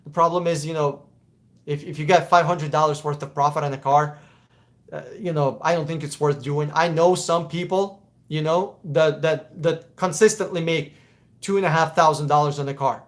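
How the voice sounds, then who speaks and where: A man's voice: fairly high pitch, fairly even intonation, normal speed. A man with a Russian accent hosting a casual live Q&A stream, answering chat questions in a blunt, profane, opinionated way. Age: adult.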